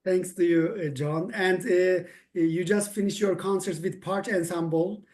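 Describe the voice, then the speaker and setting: A man whose first language is Turkish hosts an online awards ceremony. He speaks in a friendly but hesitant way, pausing often on fillers. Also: sits high, steady tone, darkish tone.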